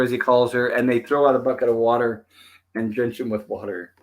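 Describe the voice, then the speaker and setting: Male host of mid pitch, chatty commentary, acts out bits of dialogue. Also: little pitch movement, a little fast. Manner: retells scenes, quoting the characters' lines. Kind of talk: casual episode commentary.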